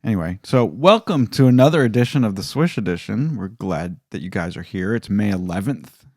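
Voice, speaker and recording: A man's voice: fairly low pitch, lively intonation, fairly quick, darkish tone, no room sound, clean studio sound. A man co-hosting a comedy podcast, chatty and teasing as he leads the casual talk. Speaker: podcast co-host.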